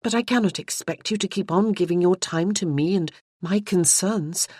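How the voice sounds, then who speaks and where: An audiobook narrator voicing an anxious, grieving young noblewoman who speaks earnestly and pleadingly, rising in pitch. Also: normal speed, a little mellow, breathy edge, no room sound, clean studio sound, close to an everyday voice. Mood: hesitant. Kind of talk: audiobook character voice.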